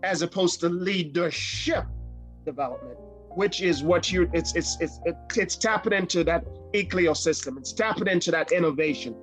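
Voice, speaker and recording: A man's voice: fairly high pitch, a bit bright, soft background music. A man hosting an interview, stumbling and repeating words as he frames his questions. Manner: halting, repeats words while framing questions. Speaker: podcast host, interviewer.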